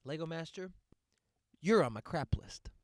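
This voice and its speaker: A man's voice: fairly high pitch, lively intonation, a little slow, no echo, studio quality. A man hosting a podcast, going on a sarcastic, profane rant in a casual monologue. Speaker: podcast host.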